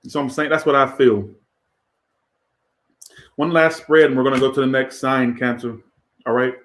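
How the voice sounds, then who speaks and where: A man's voice: medium pitch, steady tone, moderate pace, fairly bright tone, roomy sound. A man doing a casual tarot reading in a crude, profane, rambling way. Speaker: tarot reader.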